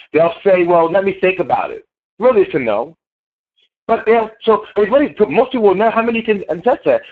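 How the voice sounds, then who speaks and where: A man giving a motivational sales training talk in an emphatic, preachy way, repeating his key phrases. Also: high voice. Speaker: network marketing trainer. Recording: tinny phone line.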